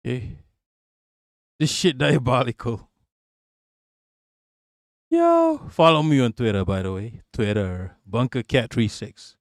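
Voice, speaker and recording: A man's voice: medium pitch, big pitch swings, slow, long pauses, no echo, studio quality. A man hosting a live stream, joking crudely and answering viewers by name in casual chat.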